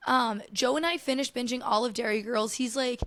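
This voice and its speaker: A young woman with a slightly high voice chats solo on her podcast, filling every sentence with "like" and cheerful swearing. She gushes dramatically about her shows and hops between topics. The sound is dry and close, with no room around her. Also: steady tone, a bit bright, dry recording. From United States. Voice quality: chatty, profane, filler-heavy with lots of "like". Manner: gushing and dramatic about TV, quick asides. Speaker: podcast host. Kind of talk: casual solo chat.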